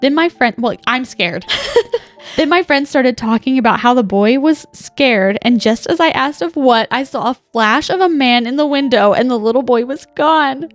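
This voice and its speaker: A woman's voice: high-pitched, lively intonation, normal speed, no room sound, faint music behind. A young woman co-hosting a podcast, reading a listener's ghost story aloud in a dramatic storytelling manner. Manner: dramatic storytelling, reacts with gasps and laughs. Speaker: podcast co-host.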